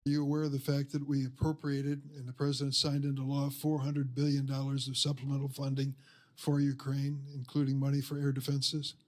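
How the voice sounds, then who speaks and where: A man questioning a witness at a formal hearing in a measured, formal way. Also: mid-range voice, monotone, a little mellow.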